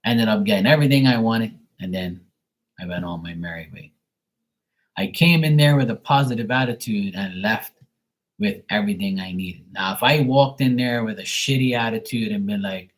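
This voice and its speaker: On a rough recording, a man hosting a live stream where he gives readings spins a loose, casual story full of street slang and swearing. He plays both parts of the conversations he describes, speaking in a mid-range voice at a moderate pace.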